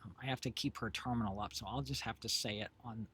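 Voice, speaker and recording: A man's voice: fairly low pitch, steady tone, fast, pushed and bright, a little hiss or hum. A middle-aged man co-hosting a home livestream, chatting casually to viewers in a rambling way, with lots of fillers and self-corrections. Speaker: stream co-host and creator. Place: home streaming setup. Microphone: desk microphone with headphones.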